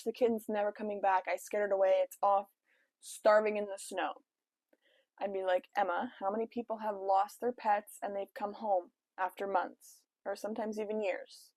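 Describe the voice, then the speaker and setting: A woman's voice: mid-range voice, darkish tone, dry recording. Young woman vlogging at home, chatty, says like a lot, dry close sound. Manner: chatty, lots of "like" and self-quoting asides. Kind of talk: casual storytime chat.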